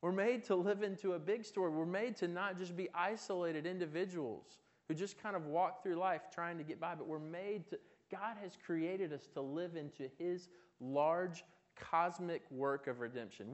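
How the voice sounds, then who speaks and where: A man's voice: on the high side, normal speed, muffled recording. A man preaching a sermon in a conversational way, asking his listeners questions and often restarting his words. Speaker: pastor.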